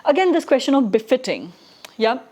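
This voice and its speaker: A woman's voice: high voice, big pitch swings, fairly quick, dark tone. A woman giving a recorded philosophy lecture in a conversational way, with frequent tag questions and restarts.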